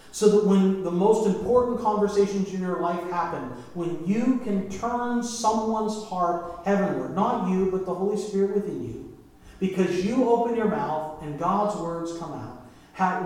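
High-voiced pastor in a very echoey room. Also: male voice, darkish tone. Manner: conversational preaching with asides and questions to the congregation. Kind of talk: sermon. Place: church sanctuary.

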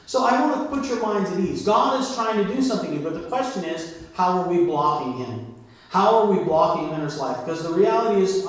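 A man's voice: high-pitched, lively intonation, fairly quick. A man preaching a sermon as pastor, asking the congregation questions and calling for responses. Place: church sanctuary. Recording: very echoey church from far off.

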